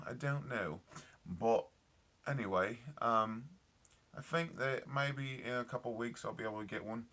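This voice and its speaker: Excited low-voiced young man live streaming. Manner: enthusiastic, rambling, lots of fillers and repeats. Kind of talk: casual live stream chat reading comments. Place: inside a parked car at night.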